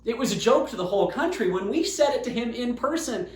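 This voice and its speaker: A young man from Utah, hosting a podcast and telling a story in a casual, animated way, acting out the quotes. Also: extremely high pitch, quick pace. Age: young adult. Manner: animated, chatty, acts out quotes. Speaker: podcast host. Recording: roomy echo.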